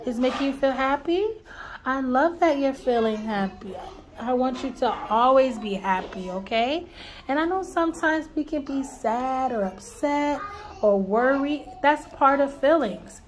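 Slow, soothing young woman teacher. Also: sits high, animated. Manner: soothing, patient, reassuring. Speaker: teacher calming a child. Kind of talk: gentle coaching of a young child. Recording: noticeable background noise.

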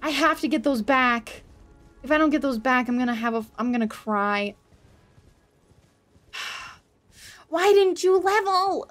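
High-voiced woman yelping through gameplay. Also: lively intonation, slow, long pauses, faint music behind. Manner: loud yelps, swearing and laughing reactions; talks to chat, self-mocking. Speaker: game streamer. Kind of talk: live gameplay commentary.

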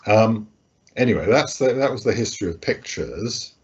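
A man's voice: lowish voice, animated, moderate pace, slightly rough, dull audio. A man giving a talk about art over slides, hesitant, with many fillers and restarts. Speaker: guest speaker, art critic.

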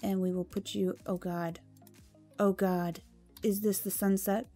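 A woman's voice: medium pitch, fairly even intonation, takes it slowly, pauses often, mellow, breathy edge, faint music behind. A woman giving casual gameplay commentary, chatty and easily flustered, jumping to exclamations and dropping into whispers when nervous.

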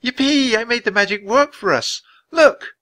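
A man voicing a bold, adventurous young girl in a storybook reading, with high, excited squeals. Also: moderate pace. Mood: gleeful.

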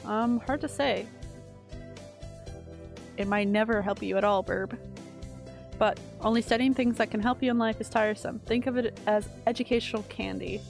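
A woman's voice: fairly high pitch, steady tone, moderate pace, gravelly, long pauses, soft background music. A woman reading out a mild male teacher. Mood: gentle.

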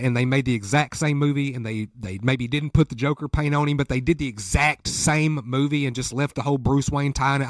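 A man hosting a casual interview, chatty and animated, telling stories with bursts of excitement. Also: no echo, studio quality. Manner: animated storyteller, jumps high when excited. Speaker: host.

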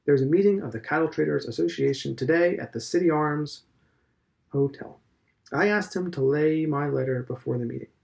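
A man reading aloud, voicing a pompous old male schoolmaster who speaks briskly and emphatically. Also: on the high side, vocal fry, low-quality recording. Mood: emphatic. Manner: loud, emphatic, brisk lecturing.

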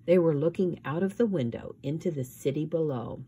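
A woman reading a novel aloud as narrator, with steady, measured storytelling. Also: low voice, slightly rough. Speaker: audiobook reader. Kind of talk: scripted narration.

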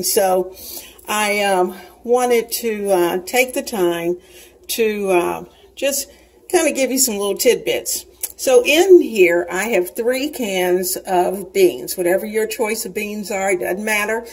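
A woman's voice: medium pitch, takes it slowly, a little mellow, husky, poor audio. A woman in her sixties hosting a cooking show from her home kitchen, chatting to viewers in a homey way as she cooks. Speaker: cooking channel host. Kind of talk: casual cooking demonstration.

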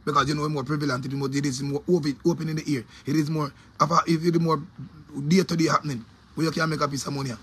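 High-voiced, fiery Jamaican man ranting. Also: flat delivery, fast talker, a bit bright, breathy edge. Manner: angry, profane, repetitive ranting. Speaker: DJ giving opinions. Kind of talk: heated opinion rant.

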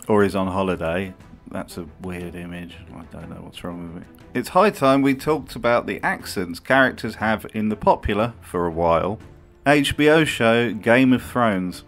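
Dry, sardonic man, low voice. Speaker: video essay host. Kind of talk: comedic commentary.

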